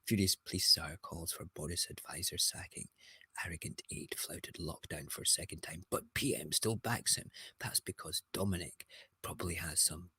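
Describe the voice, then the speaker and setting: A man's voice: deep voice, normal speed, bright, forceful tone, slightly rough, dry recording. A man who hosts a casual morning show, reading newspaper headlines aloud and mocking them with gleeful, ranting commentary. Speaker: host. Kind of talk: casual morning news rant.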